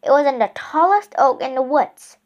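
Woman, higher voice, lively pitch, children's storybook narration. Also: dull audio. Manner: slow, expressive reading.

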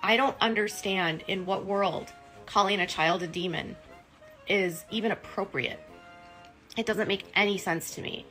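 A woman's voice: medium pitch, unhurried, pushed and bright, soft background music, poor audio. An emotional woman hosting a livestream, talking in an impassioned, indignant, rambling way with fillers. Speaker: livestream host.

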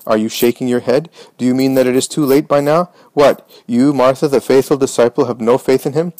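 A man's voice: medium pitch, steady tone, brisk, dark tone, no room sound, natural voice. Man reading as a sly, needling scribe. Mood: mocking. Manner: needling, mocking. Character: sly mocking male scribe.

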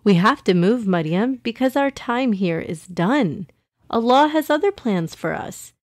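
Woman voicing a calm, gentle storybook mom. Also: fairly high pitch, a little slow. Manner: calm and reassuring. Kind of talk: storybook character voice.

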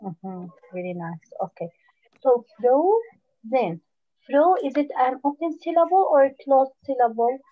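A woman teaching a phonics lesson online, patient, full of praise, and repeating words slowly for her pupils. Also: high voice, sing-song. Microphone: video call. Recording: dull lo-fi online call audio.

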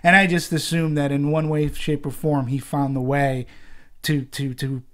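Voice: mid-range voice, little pitch movement, normal speed, fairly bright tone. Hesitant speaker comparing movie scenes. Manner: hesitant, thinks aloud with repeated words. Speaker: podcast co-host. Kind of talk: casual movie discussion.

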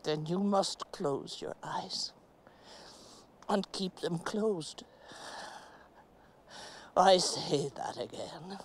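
A woman as slow, stoic middle-aged woman. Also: lowish voice, slight background noise. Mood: weary. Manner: slow, halting delivery with long pauses. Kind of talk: stage play monologue.

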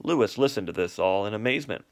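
A man narrating a children's novel aloud in a steady storytelling manner. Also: lowish voice, fast talker.

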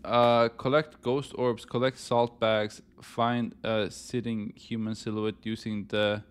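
A man giving jokey let's-play commentary on a horror game, talking to himself and breaking into panicked yelling. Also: fairly low pitch, level tone, slow pace, smooth. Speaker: gaming YouTuber.

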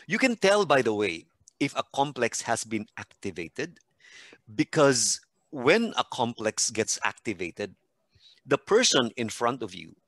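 A man co-hosting a podcast, explaining psychology through long hypothetical examples in an animated way. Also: mid-range voice, no room sound.

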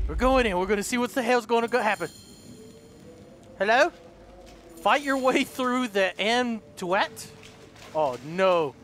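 A man giving excitable let's play commentary, with loud outbursts and giggly laughter. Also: extremely high pitch, slight background noise. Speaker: gaming YouTuber.

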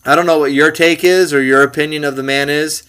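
Bright-voiced rambling podcast host. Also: male voice, fairly high pitch, steady tone, brisk, smooth. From California Bay Area. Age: 40s. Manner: rambling, many fillers and restarts. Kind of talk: casual conversation.

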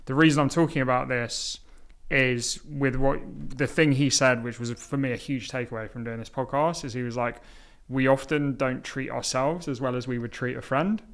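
A man's voice: mid-range voice, steady tone, a bit bright. A man hosts a podcast in easy conversation, with a middling voice. He is friendly and agreeable, often backing up what his guest says. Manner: friendly, agreeable, quick to affirm. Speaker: podcast host. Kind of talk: casual conversation.

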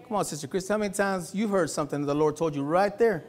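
High-voiced preaching man. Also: fast. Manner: conversational preaching with slangy asides and laughs; swings from shouting to hushed. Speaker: pastor. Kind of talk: sermon. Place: church.

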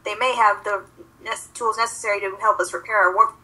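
A woman voicing a logical, unemotional male science officer, speaking in a measured matter-of-fact way. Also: mid-range voice, fairly even intonation, sharp tone, natural voice, poor audio.

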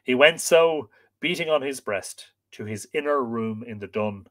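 A man hosting a livestream, reading an old tale aloud with expressive, lilting storytelling. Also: mid-range voice, measured pace. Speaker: host.

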